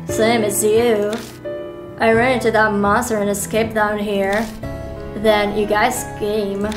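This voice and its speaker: A woman voicing a bored, smirking grown man in a trench coat, flat and unhurried. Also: mid-range voice, over music, lightly acted.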